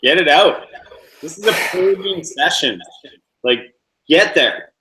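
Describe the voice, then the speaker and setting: A man with a bright, forward voice co-hosting a casual podcast. He talks in a relaxed, encouraging way, using loose and informal phrasing. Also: fairly high pitch, slow, rough recording. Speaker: podcast co-host.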